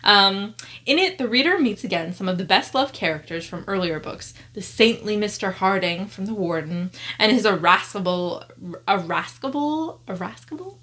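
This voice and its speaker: A woman's voice: mid-range voice, lively intonation, moderate pace, fairly bright tone. Woman book vlogger, casual chat, reads blurbs aloud, lots of fillers and restarts. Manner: chatty, many fillers and self-corrections. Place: at home among piles of books.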